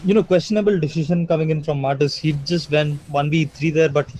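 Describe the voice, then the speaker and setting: A man casting a live mobile game tournament, giving energetic play-by-play full of "you know" fillers. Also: on the high side, fast, rough recording. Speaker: esports caster.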